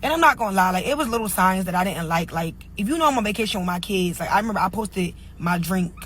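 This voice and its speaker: A woman's voice: mid-range voice, expressive, fast, fairly bright tone, a little hiss or hum, rough recording. Chatty young woman telling a story. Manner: chatty, lots of "like" and "or whatever". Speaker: storyteller in a clip. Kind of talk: casual storytelling.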